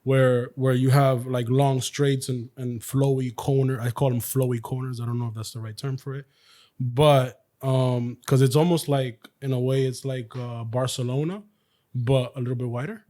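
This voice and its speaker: A man co-hosting a racing podcast in casual chat, talking in a relaxed, rambling way with many fillers. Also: medium pitch, moderate pace. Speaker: podcast co-host.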